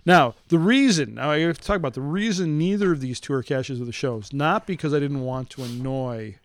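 A man co-hosting a casual chat, his voice a touch high and recorded close and dry with no room sound. He jokes easily and slows right down when he spells out codes. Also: no echo. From Chicago area. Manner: joking, reads cache codes slowly. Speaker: podcast co-host.

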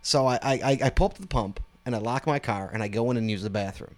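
A man's voice: mid-range voice, fast. A man co-hosting a casual chat show, telling a story with lots of laughs and stumbling restarts. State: hiccups. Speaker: podcast co-host.

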